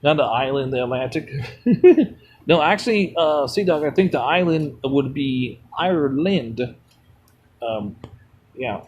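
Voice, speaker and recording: A man's voice: mid-range voice, lively intonation, a little slow, darkish tone, highs cut off, slight background noise. A man streaming a mobile game, rambling bluntly between chat replies and swearing freely. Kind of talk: rambling casual chat while gaming.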